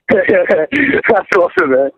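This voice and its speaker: A man, a beatboxer answering interview questions in a loose, halting way and calling the interviewer "man". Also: sits high, sing-song, narrow, tinny audio. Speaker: beatboxer guest.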